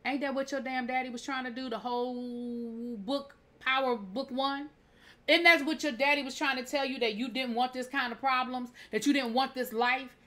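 A woman's voice: high voice, fairly even intonation, moderate pace, fairly bright tone. A woman reviewer giving a casual episode recap, opinionated and heated, acting out scenes in quoted dialogue. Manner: opinionated, heated rhetorical asides. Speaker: TV show reviewer.

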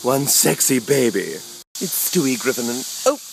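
A man's voice: mid-range voice, animated, moderate pace, slight background noise, pitched below the performer's own voice, close to an everyday voice. A man putting on the voice of a bratty, scheming baby boy with a posh English accent, haughty and theatrical. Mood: pompous. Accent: put-on posh English. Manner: haughty, theatrical, sudden squeals. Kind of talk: comedy sketch impression.

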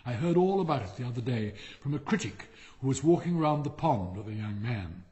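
A man's voice: mid-range voice, expressive, a little fast, warm tone, close to an everyday voice. Guy reading as a pompous know-it-all water rat, vain, storybook animal.

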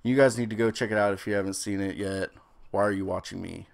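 A young adult man giving a casual, rambling review of a series, excitable and swearing freely. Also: fairly low pitch, fast, gravelly.

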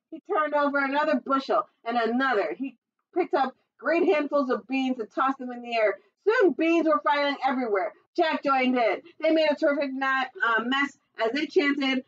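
A woman's voice: high-pitched, normal speed, a bit bright, distant mic, muffled recording. A woman librarian reading a picture book aloud at storytime, adding chatty asides to the children.

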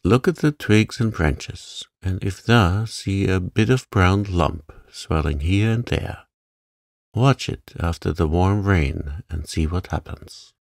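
A man's voice: low-pitched, takes it slowly, creaky, no room sound, clean studio sound, heavily acted. A man doing a grumbling old gardener. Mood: grudging. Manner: grumbling, curt, dialect speech. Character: gruff old male Yorkshire gardener, grumbling.

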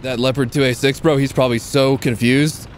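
A man's voice: medium pitch, fairly even intonation, fairly quick, slight background noise. A young man streaming a tank game live, joking around and swearing as he talks through the fight. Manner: jokey, swears a lot, thinks aloud mid-fight. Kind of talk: live gameplay commentary.

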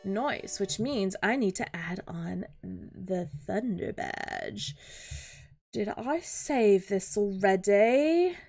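A woman's voice: medium pitch, expressive, extremely slow, creaky, a little mellow, faint music behind. Playful woman commenting on a game. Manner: chatty, playful, exclaiming often. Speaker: gaming channel host.

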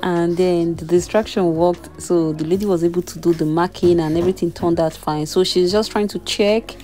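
A woman's voice: lowish voice, steady tone, moderate pace, warm tone, soft background music. A young adult woman chatting casually in a voice-over about her baby's ear piercing, breaking into small laughs.

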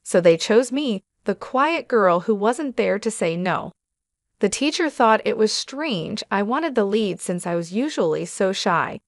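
A woman reading a first-person story aloud as scripted narration, in a steady, measured way. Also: mid-range voice, no echo, studio quality.

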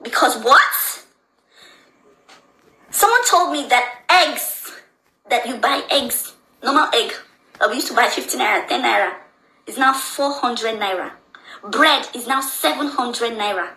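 A woman's voice: fairly high pitch, animated, normal speed, sharp tone, roomy sound, poor audio. A young Nigerian woman with a Nigerian accent talks anxiously in a social media video, repeating her phrases again and again.

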